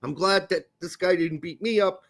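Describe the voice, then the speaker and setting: A man hosting a podcast, telling a story in a casual, animated and profane way. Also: moderate pace. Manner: animated, profane, jumps into high voices. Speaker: podcast host.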